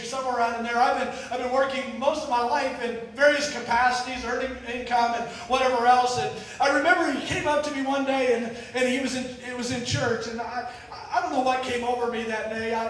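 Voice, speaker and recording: A man preaches with a high-pitched voice in a church. His voice booms back off the walls from a distance, with a faint hiss of room noise under it. He restarts his phrases often and swings from loud outbursts to near murmurs. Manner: storytelling, animated with sudden shouts and quiet drops; repeats words and restarts often. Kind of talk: sermon. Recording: echoey hall from far off.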